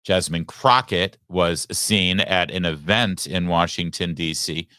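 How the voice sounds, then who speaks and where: A man's voice: deep voice, measured pace, pushed and bright, dry recording, clean studio sound. A man hosting a political talk show, giving emphatic, sarcastic news commentary.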